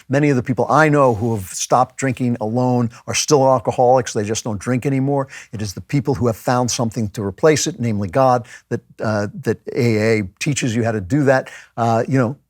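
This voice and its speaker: A middle-aged man hosts a show in a relaxed monologue, pressing his points with emphasis and acting out the voices of people he disagrees with. His voice sits at an ordinary middle pitch. The sound is dry and close, with no room around it. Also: dry recording. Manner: conversational, emphatic, animated quoting of others. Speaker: podcast host. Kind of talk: casual monologue on faith.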